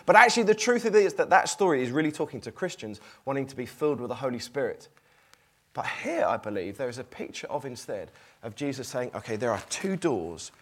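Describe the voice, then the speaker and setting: Man preaching an animated sermon. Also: medium pitch, a little fast. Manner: animated preaching, reads scripture aloud with emphasis.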